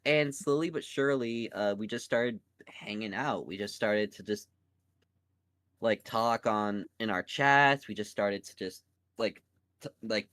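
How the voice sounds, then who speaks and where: A man's voice: on the low side, a bit bright, no room sound. A man, a voice actor, recounting how he got started in a casual, rambling way full of restarts, talking over an online call. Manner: rambling, halting storytelling with many restarts. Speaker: voice actor guest. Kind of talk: casual podcast chat.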